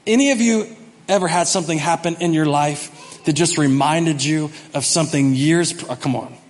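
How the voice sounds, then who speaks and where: A man preaching a sermon, acting out the story and swinging from quiet asides to shouted lines. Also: a little high, moderate pace, in a large hall. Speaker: pastor.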